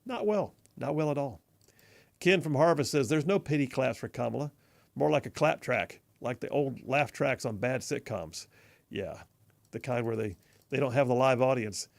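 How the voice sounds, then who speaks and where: A man's voice: mid-range voice, normal speed, vocal fry. A male talk radio host, chatting casually, reading listener texts aloud and chuckling as he goes. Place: radio studio.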